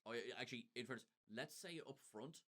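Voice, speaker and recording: A man's voice: mid-range voice, fast, fairly bright tone. A man co-hosting a podcast, recapping an episode in casual chat with wry, sardonic asides. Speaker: podcast co-host.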